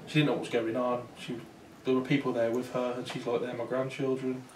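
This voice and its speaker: A little fast and flat in delivery, this mid-range male voice belongs to a paranormal investigator recounting a story at a small talk venue, with lots of fillers and restarts. The far-off recording is roomy, with a little hiss or hum.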